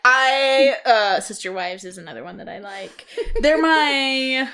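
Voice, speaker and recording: A woman in her thirties co-hosting a casual podcast chat, telling stories with lively quoted asides. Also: high-pitched, unhurried, smooth. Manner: chatty, storytelling with quoted asides. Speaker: podcast co-host.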